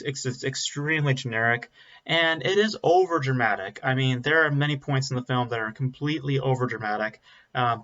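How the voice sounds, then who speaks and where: Male film reviewer, bright forceful voice, blunt and rambling, slightly dull lo-fi audio. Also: mid-range voice. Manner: blunt, rambling, frequent ums and restarts. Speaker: movie reviewer. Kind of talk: casual spoken film review.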